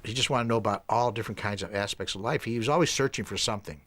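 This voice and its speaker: A man's voice: fairly low pitch, rapid-fire, a bit bright. A man in an interview, reminiscing in a hesitant way. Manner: hesitant, with fillers and restarts. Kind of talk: reflective interview.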